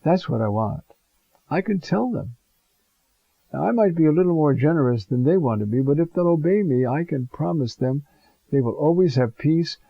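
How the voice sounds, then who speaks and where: A priest voicing the Lord as a calm, kind man giving plain advice. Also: on the high side, moderate pace, creaky, no room sound, muffled recording.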